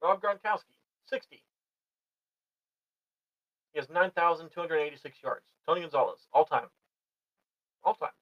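A man's voice: fairly high pitch, fairly quick, no room sound, lo-fi sound. A man hosting a solo sports podcast, rambling and correcting himself as he gives opinionated fan takes. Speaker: podcast host.

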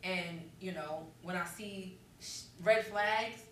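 A woman in her thirties co-hosting a casual chat, talking reflectively and frankly, often pausing with ums and dropping in curses. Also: on the low side, a bit bright. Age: 30s. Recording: echoey room, mic at a distance, faint noise.

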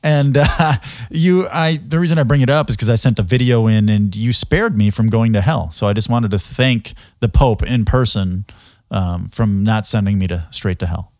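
A man's voice: on the low side, normal speed, a little mellow, dry recording, studio quality. A man hosting a casual interview, rambling through his questions and laughing a lot. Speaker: podcast host.

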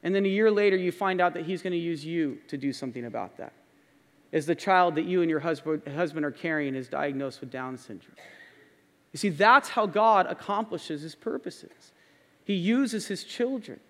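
A pastor preaching a sermon in a church, earnest and repeating key phrases for emphasis. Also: male voice, a little high, animated, moderate pace. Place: church sanctuary. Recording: long hall reverb.

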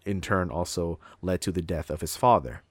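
A man's voice: sits low, moderate pace, a little mellow, dry recording. A man in casual chat, rambling and swearing a lot while retelling a show's plot. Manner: profane, rambling, acts out characters' lines.

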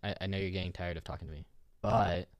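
A woman's voice: a bass voice, steady tone, fast, a little mellow, no room sound. A woman hosting a podcast, chatting casually and teasing with lots of laughter over a voice call. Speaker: podcast host. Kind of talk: casual chat. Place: home, on a voice call.

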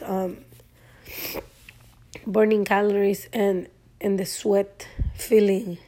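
A woman, talking casually as a guest and pausing often with fillers and restarts. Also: medium pitch, mellow. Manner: hesitant, many fillers and restarts. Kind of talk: casual conversational talk.

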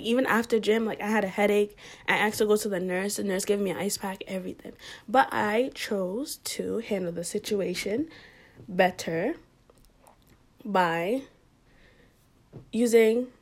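A young woman telling a story in a casual, animated way, with lots of fillers and frequent laughter, sometimes dropping almost to a whisper. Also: medium pitch, breathy edge.

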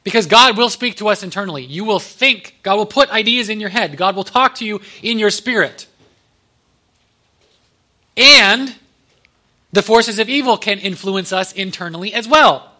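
A man's voice: high voice, normal speed, bright, forceful tone. A man pastor giving a conversational sermon, with joking asides to the congregation.

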